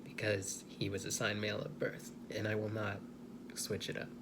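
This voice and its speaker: A man speaking slowly and hesitantly in a personal video monologue, softly and with many pauses and restarts. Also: lowish voice, monotone, background noise. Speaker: vlogger.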